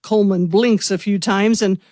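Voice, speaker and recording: A woman hosting a podcast, giving measured scripted narration for a radio-theater mystery. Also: mid-range voice, steady tone, a little mellow, no room sound, studio quality.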